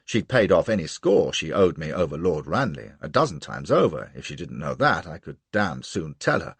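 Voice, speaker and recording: A man's voice: very deep voice, sing-song, normal speed, husky, no room sound. A man narrating a novel in the first person with a brash, boastful manner. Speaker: audiobook narrator.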